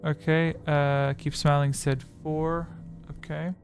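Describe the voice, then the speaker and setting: Man, streamer quiz host, a little high-pitched, rambling and self-correcting, faint music behind. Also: level tone, slow. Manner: rambling, self-correcting, reads chat answers aloud. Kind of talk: casual livestream quiz chat. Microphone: desk microphone.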